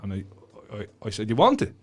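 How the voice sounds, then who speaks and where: Husky, blunt Dublin man. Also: fairly low pitch, brisk. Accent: Dublin Irish. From Ireland. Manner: blunt, swears a lot, animated storytelling. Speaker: guest author and school speaker. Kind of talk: casual podcast chat. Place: studio.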